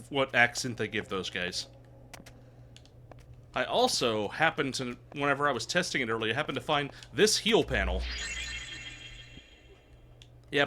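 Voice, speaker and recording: Bright-voiced male game streamer. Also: mid-range voice, a little hiss or hum. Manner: chatty, laughs often, self-deprecating. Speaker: VTuber streamer. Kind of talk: casual gameplay commentary.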